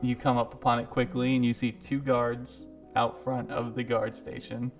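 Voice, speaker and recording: A man's voice: mid-range voice, flat delivery, moderate pace, over music. Laughing, rambling man as game master. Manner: loose, laughing, rambling narration. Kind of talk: narrating a tabletop game.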